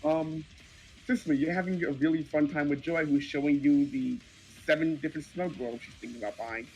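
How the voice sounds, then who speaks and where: A man's voice: on the high side, fairly even intonation, fairly quick, a little hiss or hum, low-quality recording. A man narrating as a dungeon master, loose and laughing, with many fillers. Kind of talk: narrating a tabletop game.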